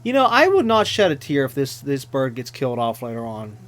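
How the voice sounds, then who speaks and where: A man's voice: medium pitch, big pitch swings, brisk, fairly bright tone, a little hiss or hum. A man commenting on a game playthrough, ranting with exasperation and mocking the characters. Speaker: gaming channel host. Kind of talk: let's play commentary.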